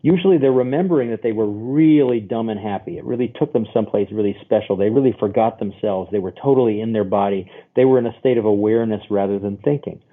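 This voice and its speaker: A man's voice: lowish voice, quick pace, few pauses. A man, a sex therapist, answering podcast interview questions in a chatty way, explaining with homely examples and quoted voices. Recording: tinny phone line.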